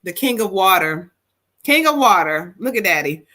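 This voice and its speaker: Bright-voiced woman psychic reader. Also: mid-range voice, moderate pace. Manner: chatty, animated, laughs often. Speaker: psychic medium. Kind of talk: live card reading.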